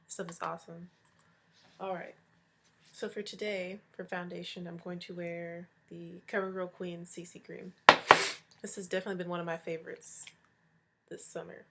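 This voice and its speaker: A woman's voice: on the low side, slight background noise. A young woman in her twenties, congested and chatty, talking through a casual makeup tutorial as a beauty vlogger. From Hawaii. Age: 20s. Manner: chatty, upbeat and talkative. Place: home, early morning.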